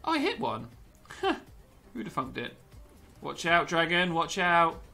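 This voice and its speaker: A man's voice: fairly high pitch, huge pitch swings, slow pace, vocal fry, bright, forceful tone, soft background music. A young man commentating gameplay with a lot of energy, yelping, laughing and slipping into pirate growls.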